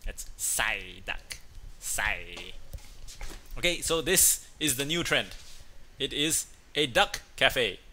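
A chatty male host talks casually and playfully. His voice sounds very bright and sharp, and a soft hiss sits faintly under the recording. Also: medium pitch, animated, slow. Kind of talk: casual chat, telling a joke.

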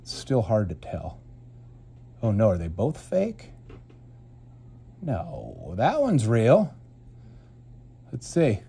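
A man giving casual unboxing commentary as a Lego collector, excitable and exclaiming at each find. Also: on the low side, slow pace, gravelly, pauses often, breathy edge. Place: home basement.

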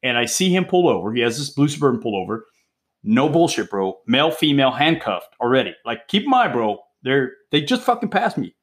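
Podcast guest: a middle-pitched cop in his forties, excitable, cursing through his war stories. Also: a little fast. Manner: profane, excitable, peppers talk with "bro" and "dude". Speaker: guest, police drug interdiction officer. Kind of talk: casual storytelling chat.

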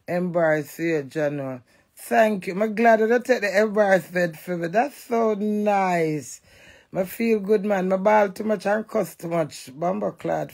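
A woman's voice: mid-range voice, vocal fry. A woman with a Jamaican accent, ranting and cussing defiantly in a monologue to camera. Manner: loud, cussing, defiant rant. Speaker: vlogger.

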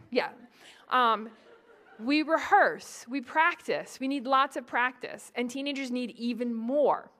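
Higher-voiced joking woman lecturer. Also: a little slow. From New England, Boston area. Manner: lively, joking, addresses the audience directly. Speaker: psychology lecturer. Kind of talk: public lecture to adults.

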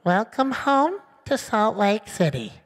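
A man's voice: high voice, big pitch swings, slow pace, heavily acted. A man putting on a whooping party-bus driver lady. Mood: cheery drawl. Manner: drawling, loud, whooping. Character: brassy cheerful woman shuttle driver, party-loving. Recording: long hall reverb.

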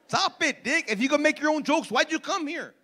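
His voice is very high, pushed and bright as this comedian does brash, profane crowd work. He's performing in a comedy club before a laughing audience.

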